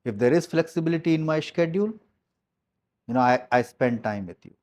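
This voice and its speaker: A man's voice: a little high, animated, fairly quick, darkish tone. Blunt, emphatic man giving a team talk. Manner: emphatic, repeats key phrases, blunt with mild swearing. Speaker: business coach addressing his team.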